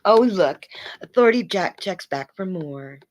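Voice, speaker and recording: A woman's voice: lowish voice, animated, measured pace, slight background noise. A woman livestreaming, ranting angrily at her chat and swearing in a confrontational way.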